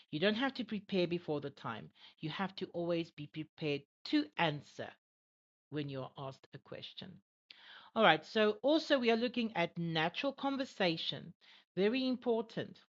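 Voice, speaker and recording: A woman acting as an IELTS examiner and tutor in an online English lesson, encouraging and full of "all right" and "okay". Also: medium pitch. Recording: dull lo-fi audio.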